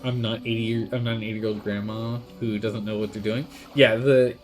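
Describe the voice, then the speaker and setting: A man streaming a game, chatting and rambling with quick asides. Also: lowish voice, flat delivery, soft background music. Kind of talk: gaming commentary.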